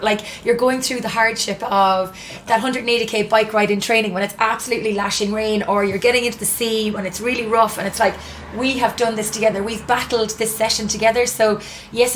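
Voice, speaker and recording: A chatty Irish woman leads a casual interview, asking her questions in a relaxed way. Her voice sits in an ordinary middle range. Faint background noise runs underneath. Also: medium pitch, rough recording. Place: outdoors by the sea.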